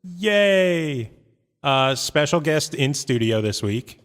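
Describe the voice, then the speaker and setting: A man hosts a casual podcast with a lively voice that jumps around in pitch. He jokes and swears easily. The sound carries a long reverb from the apartment room. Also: measured pace. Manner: animated, laughing, swearing, playful. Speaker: podcast host. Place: studio apartment. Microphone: drum mic.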